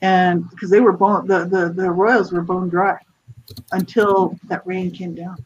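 A woman's voice: on the low side, level tone, a little slow. A woman chatting casually, telling a story and giving brief encouraging replies. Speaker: conversation partner. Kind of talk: casual chat. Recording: dull lo-fi audio with faint noise.

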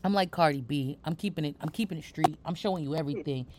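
A woman's voice: low-pitched, fast talker, noisy background. A woman hosting a podcast in casual chat, playful and teasing, talking with lots of energy. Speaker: podcast host.

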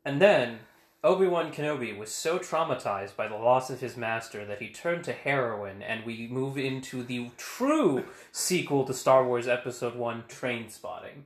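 A man co-hosting a casual podcast, correcting details and adding deadpan jokes. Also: medium pitch, normal speed, roomy sound. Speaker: podcast co-host. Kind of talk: casual chat.

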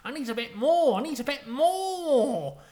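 A man putting on a loud, blustering Australian accent to play a brash, excitable male gambler. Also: extremely high pitch, moderate pace, creaky, voice pushed up, heavily acted. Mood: over-excited. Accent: Australian, put on.

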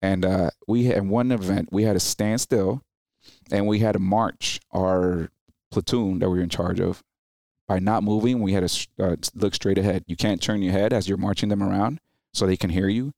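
A man's voice: low voice, moderate pace, gravelly, no room sound, studio quality. A man in his thirties, a military veteran guest, telling stories in a casual interview and acting out the people he quotes. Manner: animated, acts out quoted people in raised voices. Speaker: podcast guest, Marine veteran.

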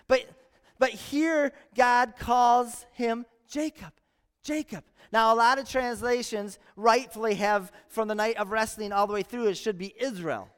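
Very high-voiced male pastor preaching. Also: clear, resonant tone. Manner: earnest preaching with rhetorical questions and repeated phrases. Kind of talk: sermon. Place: church sanctuary. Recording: long church hall reverb.

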